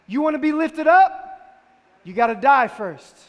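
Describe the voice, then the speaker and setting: His voice is extremely high-pitched and animated, though he keeps a measured pace. This preacher talks to his listeners conversationally, peppering them with rhetorical questions, and the large hall around him adds a long reverb.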